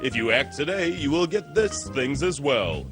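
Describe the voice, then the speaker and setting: A man playing a boastful immigrant pitchman. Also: sing-song, music in the background, natural voice. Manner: halting, broken phrasing, proud salesman pitch. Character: newly arrived male immigrant in a spoof ad, boastful. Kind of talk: comedy sketch spoof ad.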